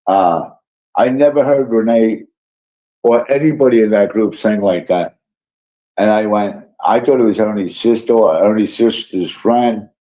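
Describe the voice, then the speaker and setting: A man hosting a live stream, telling a rambling, profane story with excitable asides while drowsy and yawning. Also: medium pitch, muffled recording. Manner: profane, excitable, tangent-prone. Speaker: livestream host.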